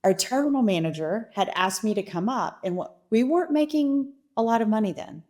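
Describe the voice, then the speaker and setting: A middle-aged woman, a company chief, telling animated stories about her career in an interview. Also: fairly high pitch, a little fast. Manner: animated anecdotes, quoting her father. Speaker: guest, company CEO. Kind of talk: interview storytelling.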